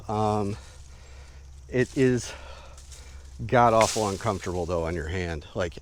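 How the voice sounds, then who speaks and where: A man casually narrating an outdoor knife test, relaxed and rambling with lots of fillers, outdoors in the woods. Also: sits low. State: a bit out of breath. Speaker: outdoor gear reviewer.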